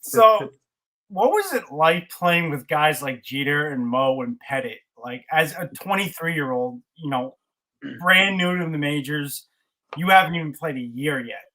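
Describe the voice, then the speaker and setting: A man hosts a casual interview, framing long questions. His voice is fairly high and bright, and he takes his time. He speaks at an unhurried pace. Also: animated, rough recording.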